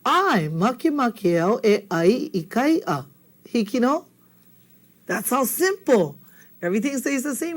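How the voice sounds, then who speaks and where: A woman teaching a language lesson, lively and often checking in with learners through questions. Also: mid-range voice. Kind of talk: language lesson with story dialogue.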